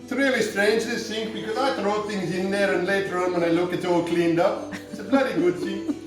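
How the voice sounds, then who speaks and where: Irish male host, comic cooking demo, high voice, deadpan rambling, boomy echoing home kitchen. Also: brisk, music in the background. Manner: jokey, rambling, deadpan asides.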